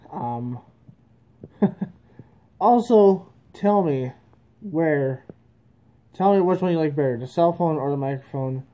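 A man's voice: on the high side, warm tone. Rambling young man with a cheap mic. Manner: rambling and self-conscious, with frequent fillers and small laughs. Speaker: vlogger. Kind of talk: casual vlog, testing a microphone. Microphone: cheap karaoke microphone plugged into a cell phone.

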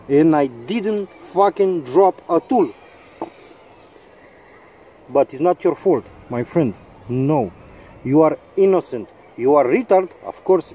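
A man's voice: on the high side, dark tone, slightly rough. A man, an English speaker ranting in a mocking, sarcastic vlog and swearing often. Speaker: vlogger.

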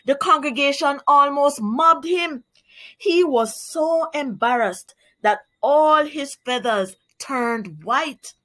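A woman teacher with a Jamaican accent who reads a children's story aloud and then explains words clearly and carefully. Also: high voice, slow pace, a bit bright. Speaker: primary school teacher. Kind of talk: children's read-aloud and vocabulary lesson.

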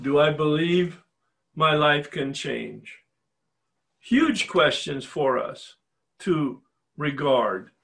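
A man's voice: on the high side, expressive, very slow, creaky, pauses often, a bit bright. Older man giving confessional recovery talk. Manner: personal, confessional storytelling; emphatic rhetorical questions. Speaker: retreat facilitator.

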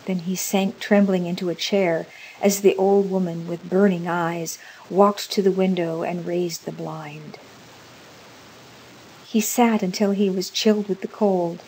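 A woman narrating a scripted story in a measured, deliberate way. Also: fairly low pitch, level tone, dark tone, a little hiss or hum, poor audio.

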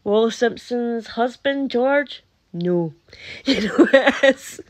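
A Scottish woman talks straight to her viewers in an easy, unhurried way. Her voice sits a little high, and she keeps breaking into laughter and disbelieving asides. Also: lively intonation. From Scotland. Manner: chatty, laughs often, incredulous asides. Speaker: vlogger. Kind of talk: casual chat to camera.

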